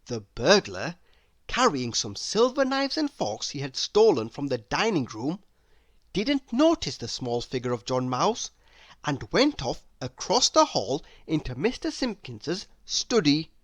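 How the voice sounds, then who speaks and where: A woman reading a children's storybook aloud in an expressive manner, now and then asking the listener questions. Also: deep voice, unhurried, no echo, clean studio sound. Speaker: storybook reader.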